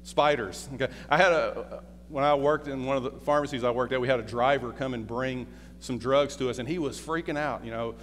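A man's voice: mid-range voice, brisk. A middle-aged man giving a conversational sermon, asking the congregation questions and telling personal stories. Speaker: preacher. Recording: reverberant hall with faint hum.

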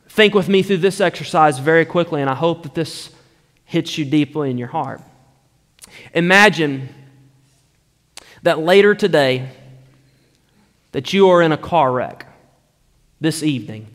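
A male preacher with a fairly high voice delivers a sermon at an unhurried, measured pace. He lets his words sink in and often drops to a hushed tone, and a long reverb trails each phrase as in a large hall. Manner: slow, deliberate preaching that drops to a hushed tone for emphasis.

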